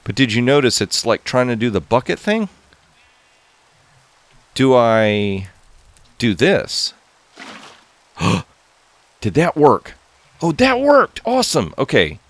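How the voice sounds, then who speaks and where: A man hosting a gaming channel, giving excitable, casual commentary to viewers as he plays. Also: mid-range voice, takes it slowly, pauses often, no room sound. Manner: excitable, talks to viewers while playing.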